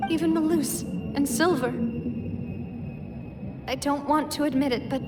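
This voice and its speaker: A woman's voice: high voice, fairly even intonation, measured pace, heavy background noise. A dizzy, pained young lady. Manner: pained, bewildered. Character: spirited young woman, troubled and dizzy.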